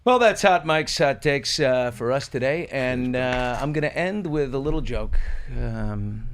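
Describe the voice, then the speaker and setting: A middle-aged man hosting a casual talk show, bantering and telling a joke with loud put-on voices. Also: medium pitch, expressive, a little slow, a little hiss or hum. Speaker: host.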